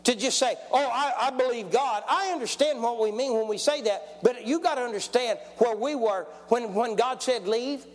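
A man's voice: very high voice, normal speed, few pauses. A man, preaching a testimony sermon in a folksy storytelling way and calling for amens. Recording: long church hall reverb.

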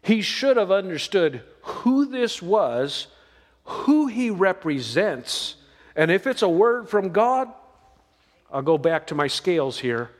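A man's voice: high voice, sing-song, takes it slowly, in a large hall. A man preaching a sermon as pastor, folksy and emphatic, drawing out the verses he reads.

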